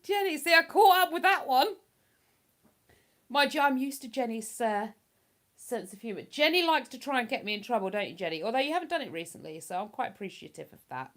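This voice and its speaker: Reading her chat aloud, a woman rambles through a casual livestream with self-deprecating humor. Her voice is high with lively intonation, a little fast and a bit bright.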